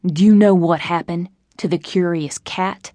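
A woman voicing a cold, gruff male bank robber who barks orders and threats in an audiobook. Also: fairly low pitch, fairly even intonation, a little slow, warm tone, dry recording, lightly acted. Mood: cold menace.

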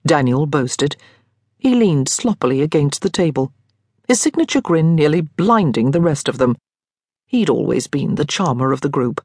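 Woman audiobook narrator, expressive, slightly breathy, dry close recording. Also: deep voice, moderate pace, dry recording. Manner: expressive, lively storytelling. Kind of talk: scripted narration.

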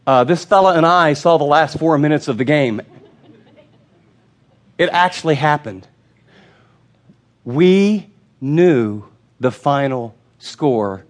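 A middle-aged male pastor preaching a sermon in a conversational, storytelling way, earnest and direct. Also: mid-range voice.

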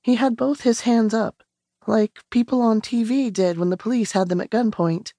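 A woman narrating an audiobook in a measured, steady storytelling manner on a close studio mic. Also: a little high, no echo. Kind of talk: scripted narration.

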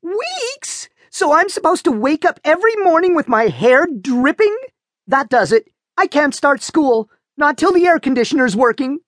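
A man doing a shrill melodramatic teen girl. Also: big pitch swings, moderate pace, dry recording, studio quality. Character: dramatic whiny teenage girl, the older sister.

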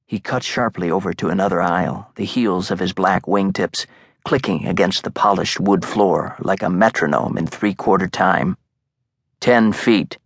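A man reading a thriller audiobook in a measured, suspenseful narration. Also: low voice, slightly rough, no echo. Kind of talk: scripted narration. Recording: dry, close studio sound.

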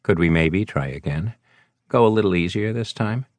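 A man doing a soft, eager young woman. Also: low voice, animated, moderate pace, dry recording. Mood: reassuring.

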